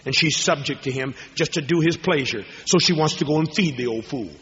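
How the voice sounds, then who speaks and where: A man preaching a sermon to a hall audience, telling stories dramatically and moving from hushed tones to raised ones. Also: a little high, a little fast. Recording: dull lo-fi recording with long hall reverb.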